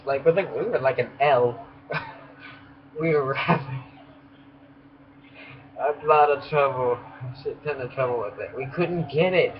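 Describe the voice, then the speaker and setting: A young man, a beauty school student, telling a rambling story in a casual vlog, laughing often and restarting sentences. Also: medium pitch. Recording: muffled lo-fi audio with background noise.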